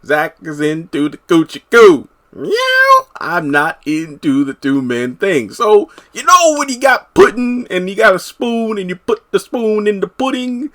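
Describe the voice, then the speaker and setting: A man's voice: sits high, wildly swooping pitch, a little slow, sharp tone, voice pushed up, exaggerated voice. A man putting on a voice for a boastful grown man who brags at length that he is straight, in a silly, exaggerated comic bit.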